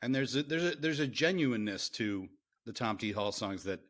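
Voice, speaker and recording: A man hosting a casual podcast chat, animated and laughing often, often trailing off and restarting. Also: medium pitch, normal speed. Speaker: podcast host and songwriter.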